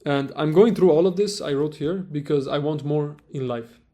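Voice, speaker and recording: A man vlogging in a casual storytelling style, animated and profane, full of fillers like "you know" and "man". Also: on the high side, moderate pace. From Iran.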